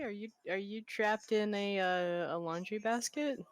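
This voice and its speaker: Slow-talking teasing woman. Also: medium pitch, dry recording, studio quality. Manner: teasing, unhurried. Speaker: friend dropping in. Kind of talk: casual chat.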